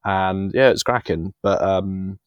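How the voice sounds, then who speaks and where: Rambling low-voiced man. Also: slow pace, smooth, no echo, dull audio. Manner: rambling, chuckling, self-deprecating. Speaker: podcast co-host. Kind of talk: casual podcast chat.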